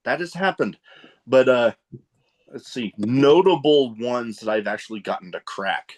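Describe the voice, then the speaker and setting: Podcast host: animated, chuckling storyteller with a lot of swing in his voice. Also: medium pitch, a little slow. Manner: animated storyteller, laughs at his own jokes. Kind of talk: casual podcast chat.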